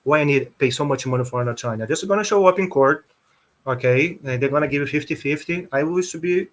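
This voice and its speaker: A man recounting a painful family court story as an interview guest, speaking earnestly, often pausing on "okay". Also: a little high.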